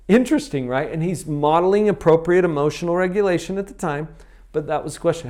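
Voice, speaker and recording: Emphatic man coaching parents, slightly high voice. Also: a little mellow. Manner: emphatic, slows down to stress key phrases. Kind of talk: instructional talk to camera.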